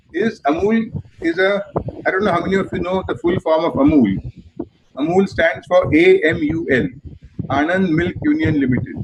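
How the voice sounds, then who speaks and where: An older man with an Indian English accent, telling stories from his advertising and theatre career in an emphatic, animated way. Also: fairly high pitch, gravelly. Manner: animated, emphatic, repeats phrases in threes. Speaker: advertising and theatre veteran guest. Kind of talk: reflective storytelling interview answer. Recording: muffled video call audio with noise.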